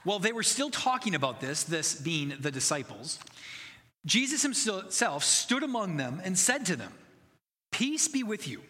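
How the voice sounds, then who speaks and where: High-voiced, bright preaching man in a hall. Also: sing-song, moderate pace. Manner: earnest, conversational preaching with rising emphasis. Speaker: pastor. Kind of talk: sermon.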